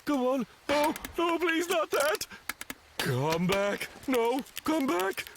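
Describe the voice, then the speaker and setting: A man's voice: very high voice, big pitch swings, slow pace, noisy background, full character voice. A man voicing a moody, misunderstood cartoon inventor creature who talks theatrically, swinging between pompous and desperate. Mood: panicked. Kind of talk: animated cartoon dub. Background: background music.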